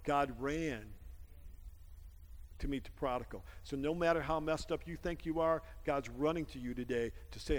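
A man's voice: on the high side, moderate pace. A man preaching a sermon as pastor, exhorting his congregation with frequent amens and call-and-response. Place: church sanctuary during a service. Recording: long hall reverb with music behind.

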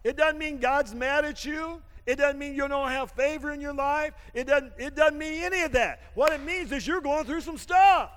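A man preaching a lively sermon, laughing often and swinging from shouts down to hushed asides, with a folksy habit of saying "man.". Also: very high-pitched, moderate pace, few pauses, big-room sound, a little hiss or hum. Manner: folksy, calls everyone "man". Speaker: pastor.

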